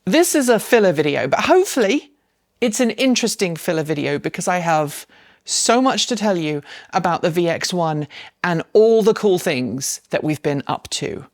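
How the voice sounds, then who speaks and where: Chatty woman vlogging from home, lowish voice. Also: big pitch swings, moderate pace, no echo, studio quality. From United States. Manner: chatty, explains with asides. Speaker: channel host. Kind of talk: casual vlog with sponsored segment. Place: home dining room.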